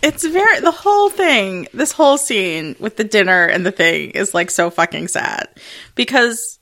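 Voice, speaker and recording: A woman in casual chat, animated and profane, acting out characters' lines. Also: mid-range voice, normal speed. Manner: animated, swears, acts out lines.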